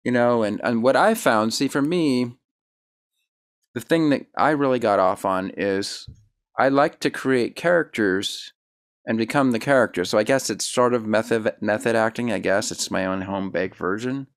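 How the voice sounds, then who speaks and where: A man's voice: mid-range voice, normal speed. A man hosting a casual interview, rambling and self-deprecating, full of fillers and restarts. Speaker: host.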